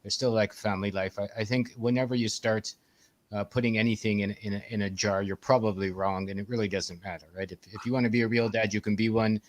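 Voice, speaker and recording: A man's voice: on the low side, fairly even intonation, fast, no echo. A man with a Canadian accent, co-hosting a casual livestream chat in a blunt, opinionated, rambling way. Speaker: co-host.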